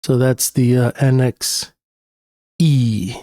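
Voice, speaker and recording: A man's voice: mid-range voice, fairly even intonation, takes it slowly, dark tone, no room sound, studio quality. Casual New York guy walking through charts. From New York City. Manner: casual, thinking aloud with fillers. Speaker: technical analyst. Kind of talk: screen-share chart analysis.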